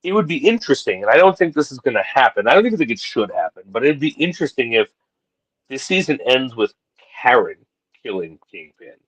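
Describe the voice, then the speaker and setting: A man's voice: medium pitch, very animated, brisk, fairly bright tone, slightly rough, poor audio. A man co-hosting a podcast, agreeing and musing in casual chat about a TV series. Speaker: podcast co-host.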